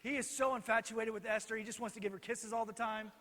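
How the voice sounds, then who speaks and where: Bright-voiced, animated pastor. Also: male voice, high-pitched, fast talker. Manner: animated, joking, directs helpers on stage. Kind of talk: children's Bible lesson storytelling. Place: church hall. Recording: reverberant hall.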